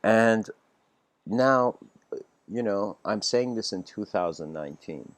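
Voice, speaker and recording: A man's voice: fairly low pitch, lively intonation, slow. A man giving a casual livestreamed spiritual lecture, telling a story in a rambling way with many fillers and restarts. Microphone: home livestream mic.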